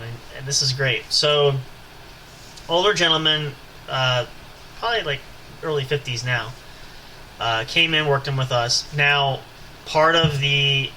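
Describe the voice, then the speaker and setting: A man's voice: medium pitch, bright, forceful tone, a little hiss or hum, poor audio. A man hosting a podcast, telling a long anecdote in a rambling, casual way with many fillers and asides. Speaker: podcast host. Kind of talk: casual storytelling.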